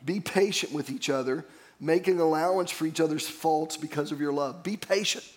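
A man's voice: on the high side, fairly even intonation, normal speed, a little mellow. A man pastor preaching a sermon, earnest and storytelling, calling on the congregation to repeat phrases after him.

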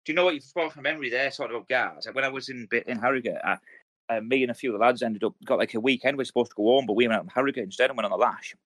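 A man's voice: medium pitch, racing, fairly bright tone. A man, an ex-soldier co-hosting a podcast, telling sweary stories in casual chat and acting out quotes. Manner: sweary storytelling, acts out quotes.

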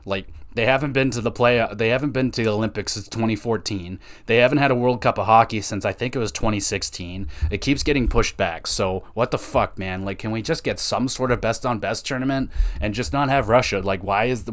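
A man's voice: fairly low pitch, brisk, a bit bright. A young man from Canada hosting a casual solo hockey podcast, ranting with exasperation and plenty of swearing. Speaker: podcast host.

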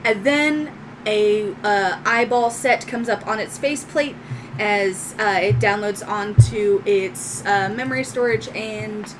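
A woman's voice: medium pitch, takes it slowly, background noise. A woman game master narrating a tabletop game in a loose, descriptive way with many fillers.

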